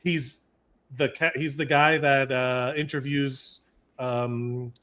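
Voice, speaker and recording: A man's voice: medium pitch, flat delivery, takes it slowly, pushed and bright. A man hosting a podcast in casual chat, enthusiastic and rambling. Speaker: podcast host.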